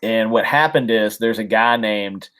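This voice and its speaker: A man with a lowish, unhurried voice, fairly bright, clear, and resonant, co-hosts a casual comics podcast. Chatting informally, he recaps a story and rambles, repeatedly restarting and dropping in ums and other fillers.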